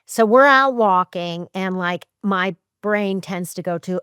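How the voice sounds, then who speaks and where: A middle-aged woman hosts a podcast in a lively, emphatic way, often acting out her own racing thoughts. Her voice is smooth and clear, and it sits in an ordinary middle register. The sound is dry and close, with no room around it. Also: mid-range voice, moderate pace, few pauses, dry recording. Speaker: podcast host. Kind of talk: casual podcast chat.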